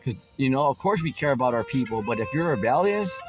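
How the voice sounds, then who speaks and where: A man's voice: medium pitch, sing-song, fast talker. Mocking, profane preaching man. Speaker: street preacher. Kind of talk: ranting religious commentary. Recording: loud background music.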